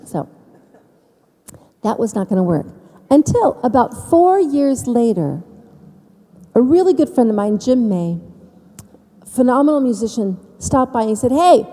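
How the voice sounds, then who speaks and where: A woman telling her personal faith story to an audience, with dramatic pauses and emphasis. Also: a little high, sing-song, warm tone, big-room sound. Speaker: speaker giving faith testimony. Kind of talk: personal testimony speech.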